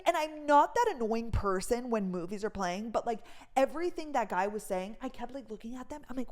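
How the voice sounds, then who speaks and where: A woman's voice: fairly high pitch, animated, moderate pace, few pauses. Chatty young woman rambling casually. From North Dakota. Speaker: vlogger. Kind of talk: casual chat, voice memo.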